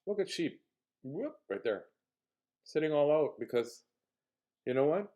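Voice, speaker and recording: A man's voice: fairly high pitch, big pitch swings, a little slow, warm tone, lo-fi sound. A man reading a picture book aloud, playful with jokes and asides. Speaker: storybook reader.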